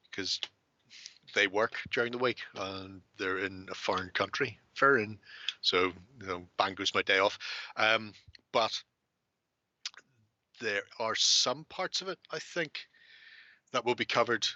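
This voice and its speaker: A man's voice: fairly low pitch, sharp tone, no echo, muffled recording. A man hosting a casual chat, swearing and joking freely. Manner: sweary, laughing banter. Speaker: host.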